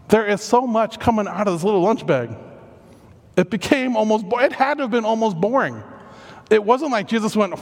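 A man preaching a sermon as animated storytelling, with self-deprecating asides. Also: high voice, fairly quick, big-room sound. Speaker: pastor.

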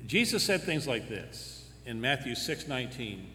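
A man's voice: medium pitch, sing-song, moderate pace, hardly any pauses, sharp tone. A man preaching a sermon, firing off rhetorical questions and adding dry humorous asides. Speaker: pastor. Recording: echoey hall with faint hum.

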